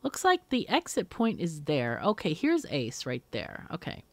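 A woman hosting a let's play, talking slowly, with a voice that swings widely as she works through a puzzle game. She mutters and exclaims as she thinks aloud, and the voice is close and dry. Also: deep voice, huge pitch swings, dry recording. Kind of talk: thinking aloud while gaming.

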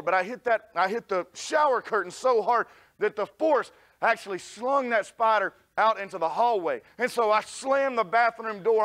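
Man, high-pitched voice, animated preacher, comic storytelling sermon. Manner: animated, folksy storyteller addressing the congregation. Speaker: pastor. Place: church sanctuary.

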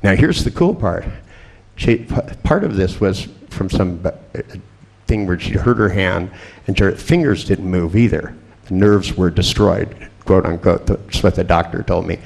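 Creaky-voiced man telling wry stories. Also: low-pitched, expressive, unhurried, darkish tone. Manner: chuckles often, wry and boastful humor. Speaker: seminar speaker and hypnotist. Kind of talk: anecdotal storytelling lecture.

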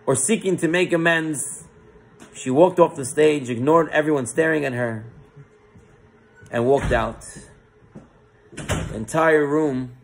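A man's voice: fairly high pitch, creaky. A man, a rabbi, telling a moral story in a sermon, earnest and sprinkled with Hebrew terms.

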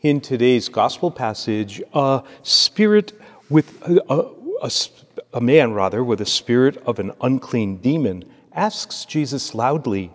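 A man as a priest, reading scripture and preaching a homily in a measured, steady cadence. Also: mid-range voice. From United States. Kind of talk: liturgy and homily. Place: church. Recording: long church reverb.

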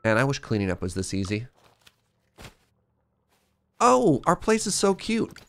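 A man streaming a video game live, with playful, excitable commentary. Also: medium pitch, unhurried.

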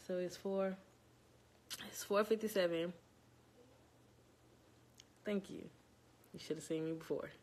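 This young Louisiana woman speaks slowly in a lowish, steady, slightly mellow voice, leaving long pauses. She's indoors at home, casually talking to viewers while anxious about an upcoming interview.

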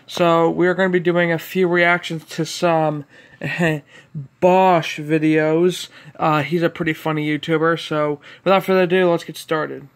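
A man's voice: on the high side, level tone, unhurried. Giggly man hosting a reaction video. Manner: chatty, giggly, easily amused. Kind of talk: casual reaction commentary.

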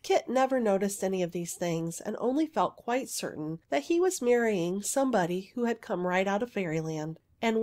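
A woman narrating a fairy tale aloud in a gentle, even storytelling manner. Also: mid-range voice.

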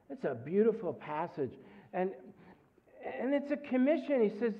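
A man preaching a guest sermon in a church, animated and full of jokes and asides as he tells stories. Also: high voice, moderate pace. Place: church sanctuary. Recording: phone-like narrow sound.

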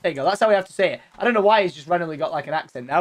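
A young man narrates his gameplay in a lively Let's Play style, his pitch leaping up and down as he thinks aloud. He is chatty and excitable, talking straight to his viewers. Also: racing. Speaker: gaming channel host.

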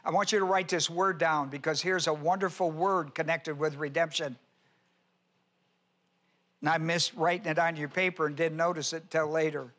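A male pastor teaching a sermon verse by verse, reading scripture aloud and slowing down to stress key words. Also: fairly high pitch, steady tone, a bit bright. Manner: reads scripture aloud and spells out Greek words. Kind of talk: expository Bible teaching sermon.

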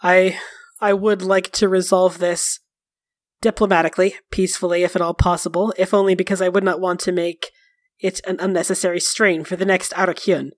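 A woman's voice: lowish voice, little pitch movement, no echo, studio quality, close to an everyday voice. A woman doing a stern formal warrior chief. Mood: measured. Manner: measured, formal.

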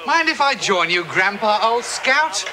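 An actor with a British accent playing a dry, sardonic gentleman ghost in a 1980s sitcom, full of theatrical put-downs. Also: sits high, big pitch swings, unhurried. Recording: hissy old VHS TV broadcast.

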